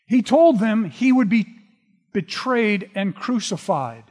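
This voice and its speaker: A man preaching a sermon, retelling scripture in a relaxed, conversational storytelling way. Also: high voice, takes it slowly. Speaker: pastor. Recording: long reverb of a large hall.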